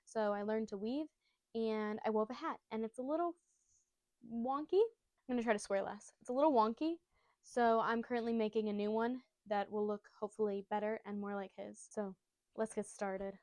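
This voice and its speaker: Brief: chatty woman recapping a story to camera, a little high, dry close sound. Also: moderate pace, a little mellow, dry recording. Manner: bubbly, rambling, jokey asides. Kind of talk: casual retelling to camera.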